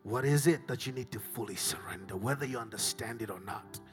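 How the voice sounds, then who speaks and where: A middle-aged man from Africa with a Southern African accent, preaching a sermon, swinging from hushed whispers to shouted climaxes. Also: fairly low pitch, a little fast, faint music behind. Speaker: pastor.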